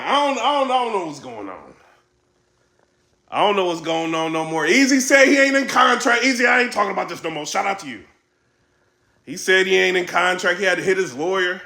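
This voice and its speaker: High, excitable man with a gravelly edge. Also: moderate pace, pauses often, roomy sound. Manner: animated, laughing, quoting others in a raised voice. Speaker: battle rap commentary vlogger. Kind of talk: excited casual commentary.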